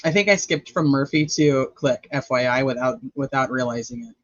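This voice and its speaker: A man's voice: medium pitch, normal speed, a bit bright, no echo, muffled recording. A man hosting a true crime channel, talking through his notes in a chatty, rambling livestream style. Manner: chatty, rambling, thinking aloud while checking notes. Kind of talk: casual livestream commentary.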